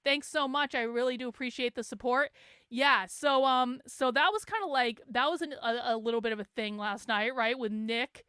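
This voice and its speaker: A hungover woman hosts her livestream in a chatty, animated way. Her voice sits high and sounds smooth and clear. The recording is dry and close, with no room sound. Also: normal speed, no echo. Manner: chatty and animated, laughs often. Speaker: show host. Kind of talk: casual livestream chat.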